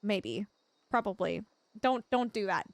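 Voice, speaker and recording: A woman's voice: mid-range voice, expressive, unhurried, dry recording. A young adult woman from Canada, livestreaming a game and chatting casually and giggly with her viewers. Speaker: livestream gamer.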